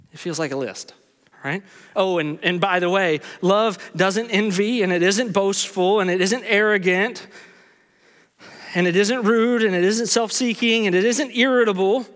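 A man with a high voice preaches a sermon, earnest and conversational, with wry self-mocking asides. His voice rings out in a hall with a long reverb tail. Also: a bit bright. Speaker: pastor.

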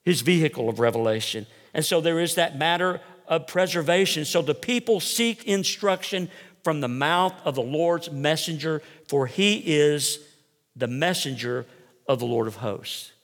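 A male preacher delivers an expository sermon, slightly high-voiced, leaning hard on key words and stretching them out for weight. His voice rings through a large hall with a long reverb tail. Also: fairly bright tone. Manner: emphatic, slows down to stress key words. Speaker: preacher and teacher.

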